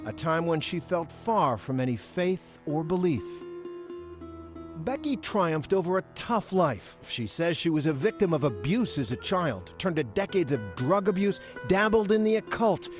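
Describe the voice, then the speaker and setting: A man narrates a broadcast news feature in a measured, dramatic style. His voice is slightly high and moves a lot in pitch. Music plays clearly beneath him. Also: sing-song. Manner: measured, dramatic reporter delivery. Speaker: news correspondent and interviewer.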